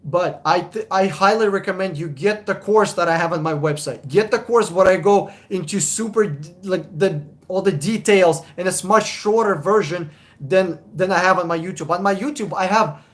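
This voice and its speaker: A man runs a casual live stream, reading viewer comments out loud. He answers car questions bluntly, swears freely and says the same point twice for emphasis. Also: high-pitched, moderate pace. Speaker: car buying consultant, live stream host.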